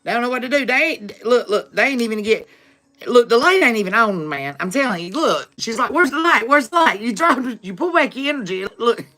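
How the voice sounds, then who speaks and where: A woman's voice: on the high side, animated, a little fast, a bit bright. A woman doing a live-stream tarot reading for her viewers, chatty and familiar, calling them "baby" and "boo", tagging lines with "okay?" and laughing often between remarks. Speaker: tarot reader. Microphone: livestream setup.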